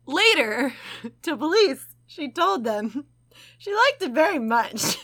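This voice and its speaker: A woman with a bright, high-set voice tells a crime story on a podcast. Her pitch swings widely as she laughs, swears and acts out the people in the case. She sounds loose and chatty. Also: slow pace. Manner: laughing, profane, animated storytelling. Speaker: podcast co-host. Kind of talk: casual true-crime podcast chat.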